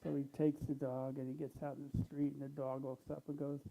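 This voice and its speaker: A church speaker with a mid-range, gravelly voice addresses the congregation casually, sounding tired and low on energy. His delivery is flat, plainspoken, and unhurried, full of pauses and ums, and the audio is tinny.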